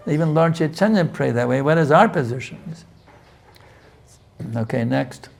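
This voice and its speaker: Speaking at a normal speed with vocal fry and long pauses, a man with a slightly high, animated voice leads a conversational scripture class. As a spiritual teacher responding to questions, he leans on "you see" asides and restarts, sometimes pleading intensely while acting out prayers.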